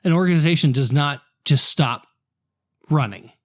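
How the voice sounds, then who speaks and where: A man's voice: a little high, normal speed. A man co-hosting a casual podcast chat, thinking aloud and repeating words as he works out his point. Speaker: podcast co-host.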